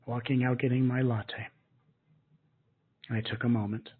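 A man leading a guided gratitude meditation as a spiritual teacher, speaking softly and slowly in a soothing way. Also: medium pitch, flat delivery, breathy edge. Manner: soft, slow and soothing, with gentle repetitions. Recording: muffled lo-fi narrow-band audio.

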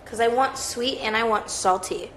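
A woman's voice: fairly high pitch, moderate pace, fairly bright tone, slight background noise. A woman hosting a livestream, chatting in a rambling, profane, casual way. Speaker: livestream host. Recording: roomy echoey sound.

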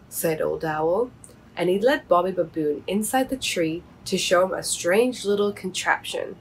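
Woman narrator for a kids' storybook; gentle, expressive, a little breathy. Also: lowish voice, unhurried, poor audio. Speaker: storybook reader and author. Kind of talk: reading a children's picture book aloud.

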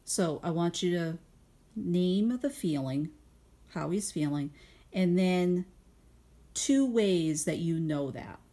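A woman teacher speaks slowly and patiently as she reads a picture book to young children for a home video lesson. Her voice is low-pitched and breathy. She pauses often to ask gentle questions and talk through her answers. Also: animated.

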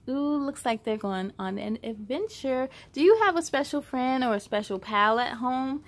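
A young adult woman reading a children's story aloud, expressive, with chatty asides to the kids. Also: high-pitched, moderate pace, hardly any pauses.

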